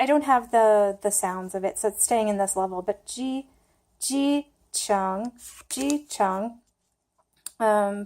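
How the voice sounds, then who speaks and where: A woman's voice: medium pitch, a little mellow. A young woman casually talking through her own study flashcards, thinking aloud and poking fun at herself as she tries to remember. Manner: chatty, thinks aloud, self-deprecating. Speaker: language learner sharing study method.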